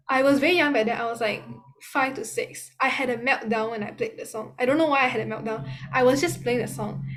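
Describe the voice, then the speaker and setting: A young woman, a student, reading a text aloud in class and telling a story, careful and a little halting. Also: on the high side, rough recording. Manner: reads carefully, stumbles on words.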